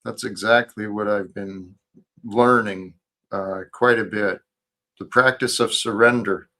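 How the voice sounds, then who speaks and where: A man's voice: on the low side, fairly even intonation, measured pace, bright, forceful tone. A man hosting a casual spiritual livestream chat, speaking in a reflective, earnest way. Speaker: livestream host.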